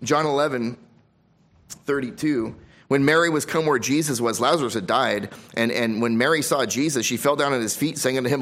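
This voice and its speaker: A man preaching a sermon as pastor, reading scripture aloud and swinging between emphatic loud stresses and quiet drops. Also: medium pitch, a little fast. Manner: reads scripture aloud in King James wording.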